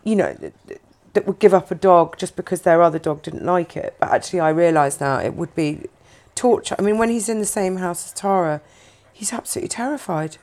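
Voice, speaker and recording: Woman, podcast host, casual chat, gravelly low voice, laughs often. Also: a little fast, few pauses. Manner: chatty, laughs often, animated storytelling.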